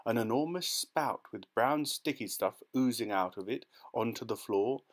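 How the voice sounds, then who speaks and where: A man narrating a children's storybook in a lively, expressive manner. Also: mid-range voice, moderate pace. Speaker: audiobook narrator.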